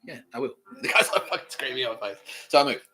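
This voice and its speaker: A man's voice: medium pitch, animated, fast talker, bright, forceful tone, poor audio. An Australian man hosting a podcast, telling a rambling, profane comic story and laughing between phrases. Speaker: podcast host.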